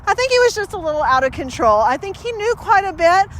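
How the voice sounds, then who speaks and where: A woman's voice: very high-pitched, sing-song, fast, a bit bright. A woman dog trainer giving a casual training demonstration, chatting with many fillers and breaking off for short, upbeat praise to the dog.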